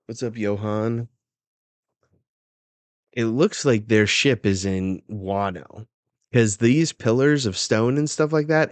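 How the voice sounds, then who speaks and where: A man's voice: fairly low pitch, dry recording. A man hosting a live stream, chatting casually as he reacts while reading a manga aloud, loose and prone to swearing.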